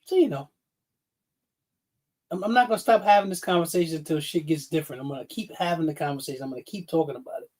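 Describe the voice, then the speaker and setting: A man's voice: on the high side, quick pace, a little mellow. Blunt New man in his fifties. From New York City. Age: 50s. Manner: blunt, profane, emphatic. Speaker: livestream host. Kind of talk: casual livestream rant.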